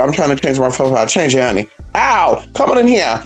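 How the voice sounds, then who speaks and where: Over faint music and poor audio, a woman with a bass voice gives a very animated, slightly fast vlog monologue with a breathy edge. Sassy and foul-mouthed, she offers blunt opinions, calls viewers "honey" and "girl," and snaps back at critics she imagines.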